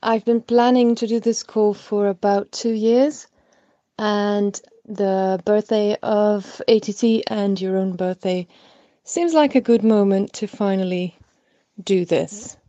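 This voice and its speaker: A woman leaves a gentle, apologetic voicemail. She speaks slowly and deliberately, in a soft, mellow tone. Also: mid-range voice, fairly even intonation, dry recording, lo-fi sound. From Belgium. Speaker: caller. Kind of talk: voicemail to a podcast.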